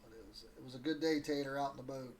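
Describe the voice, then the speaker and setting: Relaxed rambling man from Ohio. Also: mid-range voice, very fast, a little hiss or hum. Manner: relaxed and rambling, storytelling between casts, chuckles often. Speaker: gaming channel host. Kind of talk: casual gameplay commentary.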